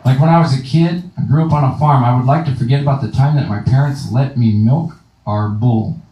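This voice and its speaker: A man doing a stand-up comedy set in a club, delivering deadpan punchlines and casual crowd work. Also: medium pitch, fairly quick. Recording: roomy live room, distant mic, faint noise.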